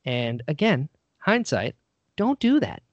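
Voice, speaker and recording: Animated man telling a story. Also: a little high, slow pace, dry recording. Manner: animated, acts out quoted voices, self-deprecating. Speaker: podcast guest, actor and writer. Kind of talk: casual storytelling interview. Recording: dull lo-fi dry recording.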